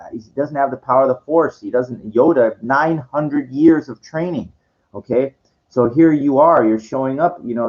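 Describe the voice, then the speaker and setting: With a mid-range voice that's a little mellow, a man rants to camera while answering viewer comments. He talks down to the viewer in a lecturing way, faltering and restarting his sentences as he goes. The recording has a dull, lo-fi quality.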